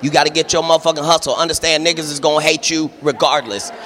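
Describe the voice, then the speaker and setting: Brash, foul-mouthed, high-voiced male comic. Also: steady tone, fast, background noise. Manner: brash, profane, shouting rants. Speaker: stand-up comedian. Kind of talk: stand-up comedy. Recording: live club show with crowd and music.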